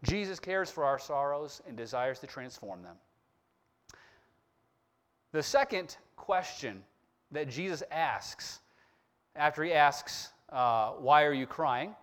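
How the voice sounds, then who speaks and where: A man preaching a sermon in a fairly high voice that swings widely in pitch. He slows down and leans on the words when he reads scripture, then returns to a plainer explaining tone. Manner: expressive preaching, slowing down on scripture quotes. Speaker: pastor.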